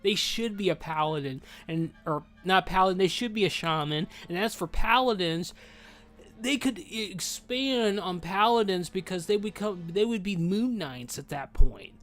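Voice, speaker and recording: A man chatting casually while he plays a game, rambling and animated, saying dude a lot, and talking with his mouth full while he eats. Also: high voice, moderate pace. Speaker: gaming streamer. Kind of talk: casual gameplay chat.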